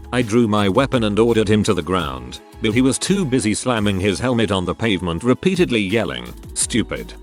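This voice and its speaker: A man narrating online stories in a calm, read-aloud storytelling manner. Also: fairly low pitch. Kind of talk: scripted narration. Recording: faint music behind voice.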